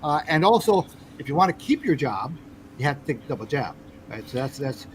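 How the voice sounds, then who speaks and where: A man with a somewhat high voice talks on a podcast over a faint background hiss. He speaks haltingly, repeating words and restarting his sentences. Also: very animated, low-quality recording. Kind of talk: casual conversation.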